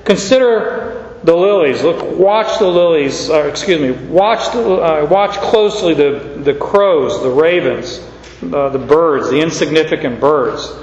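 A man with a fairly high voice preaches a relaxed, folksy sermon full of homey asides, stopping and restarting his sentences as he goes. His voice rings through a large, echoey hall with a long tail of reverb. The sound is a little dull. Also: a little hiss or hum. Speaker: pastor. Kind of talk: conversational sermon.

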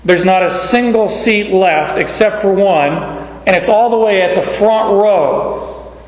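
A man preaching a sermon in a loose, conversational way, his voice sitting a little high for a man. He tells stories with easy fillers and pauses. The recording is dull and lo-fi, with long reverb from a large hall. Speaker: pastor.

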